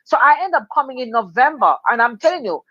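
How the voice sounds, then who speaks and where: A middle-aged Jamaican woman tells her story in lively patois. Her voice sits high. The sound is dry and a little dull, like an older lo-fi radio recording. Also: fast, no room sound. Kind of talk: casual storytelling chat.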